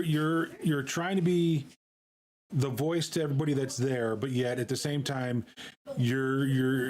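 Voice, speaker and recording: A man streaming, talking in a casual, halting way with many fillers and repeated words. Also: medium pitch, a little mellow. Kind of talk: casual live-stream chat.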